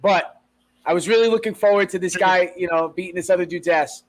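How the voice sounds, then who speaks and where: A man co-hosting a podcast in casual chat, retelling events in an animated way, swearing and acting out what people said. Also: high voice, brisk, poor audio. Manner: animated retelling with profanity and acted-out quotes. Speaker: podcast co-host.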